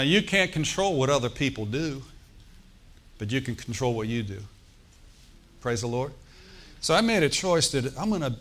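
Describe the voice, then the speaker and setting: A man's voice: mid-range voice, a bit bright, slight background noise. Man preaching a sermon. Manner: storytelling preacher, rising to emphatic exhortation. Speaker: pastor.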